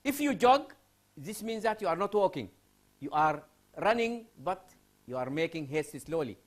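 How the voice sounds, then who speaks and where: Lively male lecturer from Sudan. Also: on the high side, normal speed. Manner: lively, asks students questions and repeats phrases. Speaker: university English lecturer. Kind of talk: classroom lecture.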